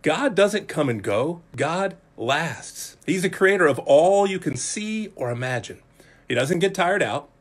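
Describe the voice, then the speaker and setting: Animated husky-voiced pastor preaching. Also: male voice, fairly high pitch, measured pace. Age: 40s. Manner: animated, acts out characters and jokes with the room. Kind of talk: Bible study sermon. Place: church.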